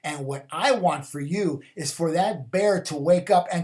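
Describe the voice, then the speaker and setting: Rambling man healer, slightly high voice. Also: expressive, unhurried, hardly any pauses. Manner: rambling, with fillers and repeated phrases; rhythmic, incantatory questions. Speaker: spiritual healer hosting a call-in show. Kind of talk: casual spoken monologue.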